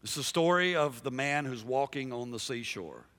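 A man preaching a sermon as pastor, emphatic and dynamic, dropping soft and then rising loud while he calls out to the congregation. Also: medium pitch, animated, normal speed. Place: large church sanctuary. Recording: long hall reverb from a big church.

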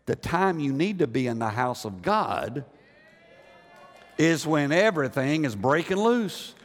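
High-voiced preacher man in a reverberant hall. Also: big pitch swings, a little slow. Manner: conversational preaching with frequent repeated words and rhetorical questions. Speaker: pastor. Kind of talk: sermon. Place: church sanctuary.

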